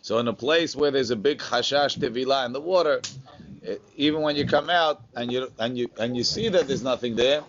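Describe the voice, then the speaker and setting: Reading and translating for a Talmud class, a man chants the Aramaic and then explains it plainly in English, now and then joking with his students. His voice is medium in pitch and a little fast, and the sound is lo-fi.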